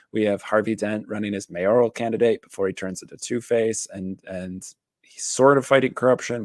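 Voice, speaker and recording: Guy with a lowish voice rambling thru a tv review, lots of ums and restarts, dry close mic. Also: no room sound. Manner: rambling, filler-heavy, self-interrupting. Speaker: therapist reviewing a TV series. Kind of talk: casual review monologue.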